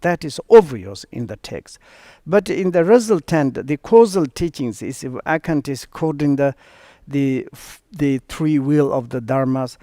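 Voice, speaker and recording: A man whose first language is Tibetan, giving a Buddhist teaching in halting English, pausing and searching for words. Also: a little high, no echo, studio quality. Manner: relaxed, with many fillers and asides. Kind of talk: online dharma teaching.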